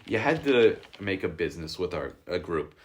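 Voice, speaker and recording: A young man chats on a podcast in a lowish voice that leaps around lively. He tells loose, profane stories and breaks into laughter often. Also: moderate pace. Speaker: podcast co-host. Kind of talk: casual chat.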